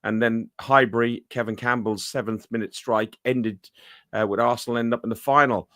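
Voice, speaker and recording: A man's voice: mid-range voice, fairly even intonation, moderate pace, fairly bright tone, no room sound, studio quality. A man with an Irish accent co-hosting a football podcast in casual chat, hesitant and full of ums and restarts. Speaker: podcast co-host.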